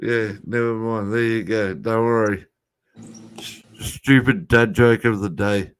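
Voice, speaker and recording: A man with an Australian accent in casual chat, talking fast and swearing freely. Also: lowish voice, fairly even intonation, clean tone, no room sound.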